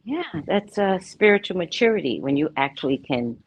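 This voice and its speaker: A woman's voice: fairly low pitch, normal speed, slight background noise, rough recording. A woman in her fifties, a spiritual talk host, giving a blunt, candid monologue full of personal stories and frank language. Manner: blunt, animated storytelling with frank swearing.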